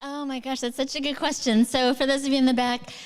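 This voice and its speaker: Woman author, live Q&A, eager and chatty, smooth voice, reverberant hall. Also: sits high, flat delivery, quick pace. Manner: warm, enthusiastic, chatty with many fillers. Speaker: author answering audience questions. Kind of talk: live onstage conversation.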